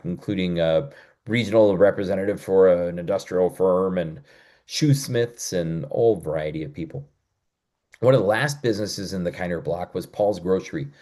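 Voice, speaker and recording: A man hosts a history podcast with a lowish, mellow voice. He narrates in a loose, conversational way and often pauses on "uh" between facts. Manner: conversational storytelling with frequent "uh" fillers.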